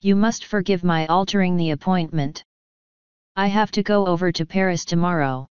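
Woman doing a disdainful aristocratic lord, curt and dry, low-pitched, very clear, muffled dry audiobook sound. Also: normal speed, a little mellow, no room sound, lightly acted. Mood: suave. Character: cold sneering aristocratic English lord, middle-aged man. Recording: dull dry recording.

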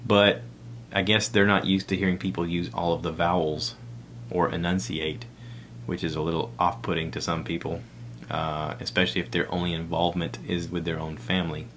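A man's voice: low-pitched, flat delivery, moderate pace, a bit bright, slight background noise. A middle-aged man with a Southern American accent, hosting a solo podcast in a rambling, conversational way with self-deprecating asides. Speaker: podcast host. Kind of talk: casual solo podcast talk.

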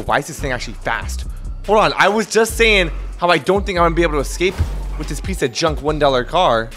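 A young man playing a robber in a role-play game, giving excitable, joking commentary to himself while he drives. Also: medium pitch. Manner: excitable, jokey, talks to himself while driving.

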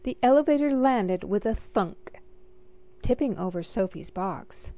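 A woman reading a picture book aloud in a gentle, measured storytelling manner. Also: mid-range voice, expressive. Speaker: storybook reader.

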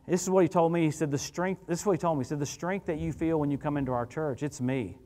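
A middle-aged man preaching as a guest minister, telling stories in an animated, conversational way. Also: fairly high pitch, quick pace, a little hiss or hum. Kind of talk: sermon. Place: church sanctuary. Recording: church hall reverb.

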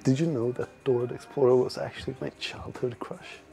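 A man's voice: medium pitch, fairly even intonation, brisk, creaky, warm tone, soft background music. A man livestreaming from the gym, chatting casually with viewers in a profane, self-mocking way. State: out of breath at times. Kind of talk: casual livestream chat while working out.

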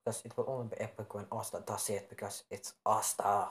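A man's voice: fairly low pitch, flat delivery, brisk, hardly any pauses. A young man improvising a fan-fiction story, rambling and often correcting himself with many fillers.

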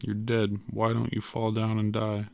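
Male reader doing a bratty seven-year-old boy, yelling and belligerent. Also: fairly low pitch, completely flat delivery, moderate pace, creaky, slight background noise. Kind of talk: audiobook character voice.

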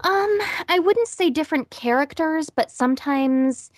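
A woman's voice: high-pitched, expressive, no echo. Chatty woman voice actress, dry sound. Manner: chatty, quick, laughs often. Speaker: voice actress, interview guest. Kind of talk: casual interview chat.

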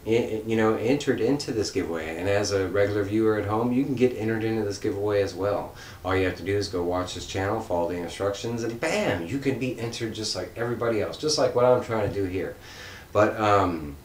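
A man hosting a comics channel, giving an earnest, rambling vlog shoutout with lots of fillers and restarts. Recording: roomy echo with faint rumble.

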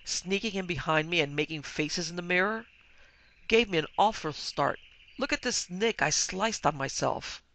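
A petulant young husband with a boyish, complaining edge, as a woman reading the story puts him on. The voice is bright and a little gravelly, raised slightly above the narration. It is a storybook reading. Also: deep voice, moderate pace. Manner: demanding, then bewildered and hushed.

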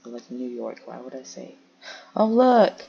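A woman's voice: rumbling low, little pitch movement, fairly quick, gravelly, warm tone, breathy edge, muffled recording. A young woman chatting casually while playing a firefighter game, making radio calls and talking to her cats.

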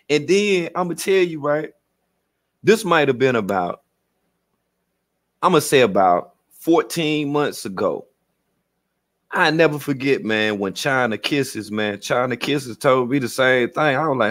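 A man's voice: medium pitch, measured pace. A man hosting a livestream, ranting profanely and acting out quotes as he tells his stories. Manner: profane, animated storytelling with acted-out quotes. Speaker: livestream host. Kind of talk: casual livestream rant.

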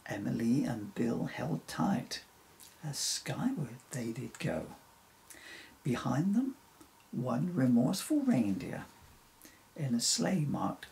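A man narrates a rhyming children's story, taking it slowly. His voice rises and falls with plenty of expression and carries a gravelly edge. Faint ambience sits behind him. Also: mid-range voice, sing-song, a little mellow, poor audio.

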